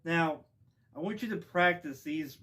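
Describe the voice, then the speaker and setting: A man giving a casual instrument lesson outdoors, relaxed and rambling with plenty of ums and restarts. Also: on the high side, a little slow, over loud music. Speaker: music teacher. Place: outdoors with wind. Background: bowed string instrument playing.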